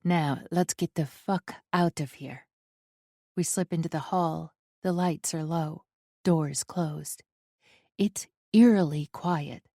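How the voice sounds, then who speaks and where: A woman narrating a first-person romance audiobook in an intimate, unhurried storytelling manner. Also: low voice, mellow, no echo, clean studio sound.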